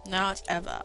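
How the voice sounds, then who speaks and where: A woman's voice: medium pitch, vocal fry, sharp tone. A woman giving casual gameplay commentary, chatting to herself and playfully telling off the game's enemies. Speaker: let's play gamer. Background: faint game music.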